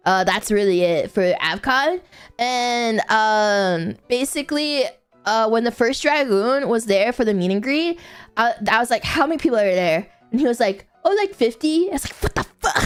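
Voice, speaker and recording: Casual female streamer, high voice, rambling and giggly. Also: clear, resonant tone. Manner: rambling, giggly, many fillers. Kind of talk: casual chat.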